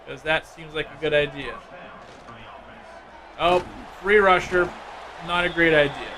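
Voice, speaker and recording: A man streaming a football video game, giving casual, excitable play-by-play and chatting with viewers. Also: on the high side, a little slow, slight background noise. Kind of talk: live gameplay commentary.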